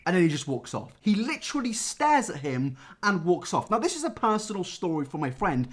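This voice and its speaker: Brief: male vlogger, sarcastic and self-deprecating, very lively delivery. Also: high-pitched, brisk. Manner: self-mocking, jokey, sarcastic asides. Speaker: YouTube commentator. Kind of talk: comedic commentary vlog.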